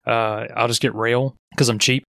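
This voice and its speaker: A man's voice: medium pitch, flat delivery, normal speed, vocal fry, a bit bright, dry recording, studio quality. A man co-hosting a casual podcast, rambling and laughing easily. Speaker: podcast co-host.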